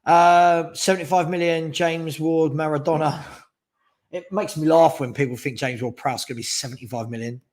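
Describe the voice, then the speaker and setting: A man's voice: on the high side, fairly even intonation, moderate pace, darkish tone. A man hosting a live fan stream, chatting casually and giving strong opinions while reading out viewer questions. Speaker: fan channel host.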